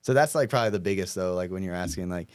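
A man's voice: low-pitched, racing, no room sound. A young man in casual chat, rambling with lots of fillers and swearing. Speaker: podcast guest, prankster.

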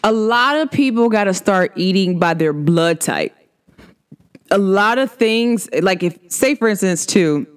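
A woman's voice: mid-range voice, clean tone. A woman in her thirties hosting her own vlog, chatting casually, playful and laughing often. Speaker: vlog host.

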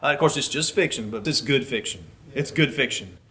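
A man preaching a sermon in an animated way, swinging between soft and loud and briefly acting out voices. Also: mid-range voice, a little fast, husky. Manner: acts out voices in brief quotes.

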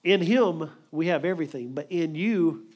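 Male preacher, slightly higher voice, emphatic, quick sermon delivery. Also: darkish tone.

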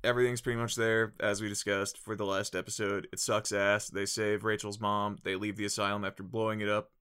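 Low-voiced man rambling on a podcast. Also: flat delivery, brisk, a bit bright, clear, resonant tone. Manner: rambling, filler-heavy recap with frequent restarts. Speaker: podcast co-host. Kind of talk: casual podcast chat.

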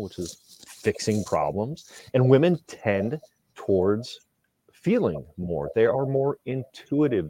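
Low-voiced therapist guy from indiana, animated and emphatic, dry close sound. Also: no echo. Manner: animated, emphatic, swings loud and soft. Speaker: couples therapist. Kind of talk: casual podcast chat.

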